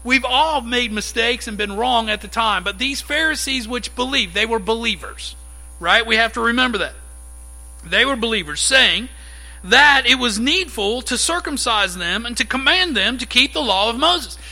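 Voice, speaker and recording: Brief: male pastor, high and bright voice, lively conversational sermon delivery. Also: normal speed, low-quality recording. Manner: conversational, animated preaching with acted-out quotes.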